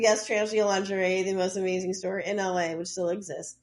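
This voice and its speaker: A woman's voice: mid-range voice, flat delivery, brisk, few pauses. A woman co-hosting a podcast, casually retelling a case with loose asides and lots of "like.". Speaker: podcast co-host. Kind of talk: casual true-crime storytelling.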